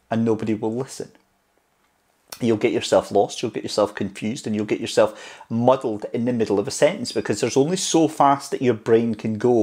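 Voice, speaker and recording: A man's voice: fairly low pitch, a little mellow. Chatty man giving on-camera tips. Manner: chatty and encouraging, speeds up and slows down for emphasis. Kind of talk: casual advice vlog. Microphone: clip-on mic on camera tripod.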